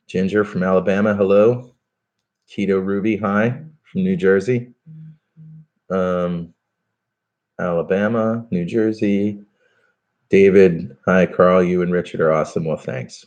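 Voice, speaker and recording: A man's voice: low-pitched, darkish tone, dull audio. A man hosting a live stream, chatting casually and reading out viewer comments, with plenty of fillers and restarts. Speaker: podcast host doing a live stream.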